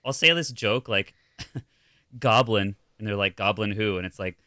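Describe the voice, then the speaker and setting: Bright-voiced man, casual banter. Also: on the low side, lively intonation, brisk, no room sound, clean studio sound. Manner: laughs often, self-deprecating. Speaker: podcast co-host. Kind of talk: casual chat.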